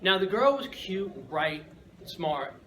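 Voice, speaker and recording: A man's voice: high-pitched, big pitch swings, unhurried, a bit bright. A man giving a humorous storytelling speech at a speaking club, keeps checking in with "right?" and chuckles often. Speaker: Toastmasters speaker. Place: room with an audience. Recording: echoey room from far off, noisy.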